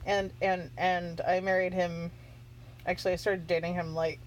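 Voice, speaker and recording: A woman's voice: lowish voice, little pitch movement, normal speed, a little hiss or hum, low-quality recording. A woman telling long, rambling stories during a casual let's play chat, laughing often along the way. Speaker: co-host guest. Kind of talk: casual chat while playing a mobile game.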